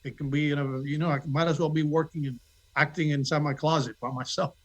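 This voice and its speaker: High-voiced man, shy and self-deprecating. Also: steady tone, fast, low-quality recording. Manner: self-deprecating, acts out quoted dialogue. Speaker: actor guest. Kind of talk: casual interview chat.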